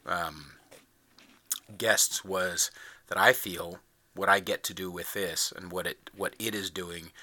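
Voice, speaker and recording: A man's voice: low voice, pushed and bright, no echo. A man hosting a podcast in casual interview chat, earnest and laughing often, rambling with many restarts. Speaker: podcast host.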